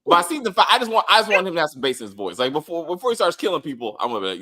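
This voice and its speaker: A man hosting a casual TV review chat, excitable and loose, swearing freely and filling pauses with "uh". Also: fairly high pitch. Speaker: show host.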